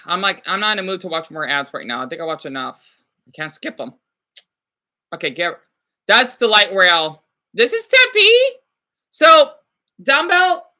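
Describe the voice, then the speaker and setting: A woman's voice: low-pitched, animated, normal speed, long pauses, sharp tone. A woman vlogger chatting casually as she reacts to a news clip, talking to herself with frequent exclamations. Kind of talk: casual chat.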